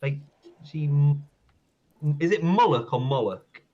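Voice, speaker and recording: Brief: male community manager, lively pitch, muffled stream audio. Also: slow. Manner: animated, laughs often, exclaims loudly when wrong. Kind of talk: casual game stream chat.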